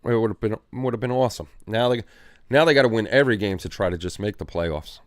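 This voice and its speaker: A man's voice: fairly low pitch, fast, no echo, studio quality. A man hosting a livestream, chatting casually and reading viewer comments in a rambling, easygoing way with repeated phrases. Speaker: livestream host. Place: home hobby room.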